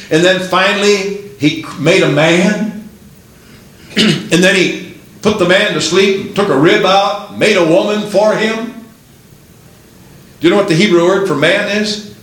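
A man's voice: high voice, fairly bright tone, roomy sound, low-quality recording. A man preaching a sermon in a church, building his points with one emphatic rhetorical question after another.

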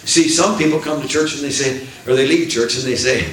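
Animated pastor, slightly high voice, preaching a sermon, faint room hiss behind him. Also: male voice, fairly quick. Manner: animated, swells into excited outbursts, folksy fillers. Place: church sanctuary. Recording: echoey church from far off.

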